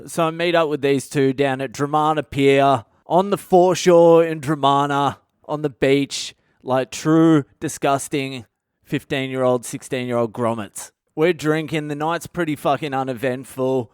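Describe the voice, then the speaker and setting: An Australian man in his thirties, a comedian telling wild personal stories in a profane, animated way. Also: medium pitch, unhurried, smooth, dry recording, clean studio sound. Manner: profane, animated, breaks into laughter. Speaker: comedian podcast host. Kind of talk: comic personal storytelling.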